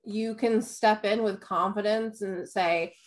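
A woman's voice: medium pitch, steady tone, slow. A woman co-hosting a casual gaming podcast, teasing the others. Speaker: podcast co-host. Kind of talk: casual chat.

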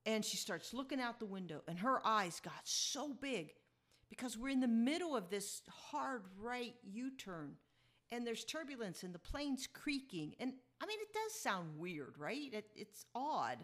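A woman's voice: a little high, sing-song, a little slow, a bit bright. A woman podcast host telling a personal story in a chatty, reflective way and chuckling as she goes.

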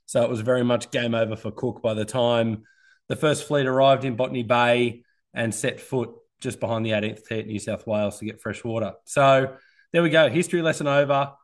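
A man's voice: medium pitch, brisk. An Australian man in his thirties hosting a podcast, chatty and self-deprecating. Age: 30s. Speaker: podcast host. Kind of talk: casual podcast chat.

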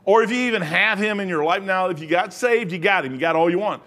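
A middle-aged man delivers a sermon in a high voice. He drifts off the passage into joking stories from his own life, then circles back to the scripture. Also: quick pace, a bit bright. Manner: rambling, jokey asides. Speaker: preacher.

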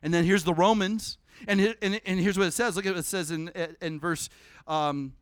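A man preaching a sermon at a church service, animated and conversational, breaking into humorous asides. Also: high-pitched, moderate pace, clean tone, no echo.

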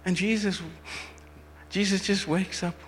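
A man preaching from the pulpit with a fairly high voice and an unhurried, drawn-out delivery. He builds to loud passages, then drops low, and puts questions to the congregation. A long reverb trails his words around the hall. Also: steady tone, slight background noise. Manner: repeats and restarts phrases. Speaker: pastor. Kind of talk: sermon.

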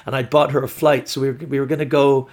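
A man's voice: mid-range voice, fast. A man, a comedian, telling a rambling anecdote in casual chat, acting out quotes and restarting sentences. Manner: rambling, animated storytelling with restarts and acted-out quotes. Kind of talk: storytelling on a podcast.

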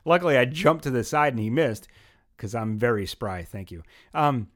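Lively, rambling male podcast host. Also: mid-range voice, moderate pace. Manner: rambling, self-mocking storytelling. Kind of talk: casual monologue and chat.

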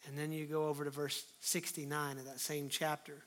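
Preaching a sermon, a middle-aged pastor uses a fairly high voice with a level tone, talking a little fast. He acts out scripture dialogue with feeling, dropping to a hush before building back to loud, emphatic lines.

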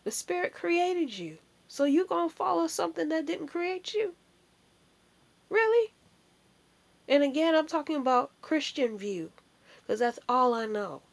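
A woman's voice: high-pitched, animated, normal speed, vocal fry. A woman giving an informal sermon, emphatic and full of rhetorical questions. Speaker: preacher.

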